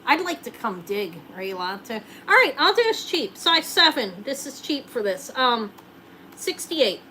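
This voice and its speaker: Woman selling rings on a live stream, chatty and jokey, thinking out loud, faint hiss behind her. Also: a little high, big pitch swings, moderate pace, low-quality recording. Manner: chatty, joking, thinks aloud while showing rings. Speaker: jewelry seller hosting a live sale. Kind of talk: casual live sale chat.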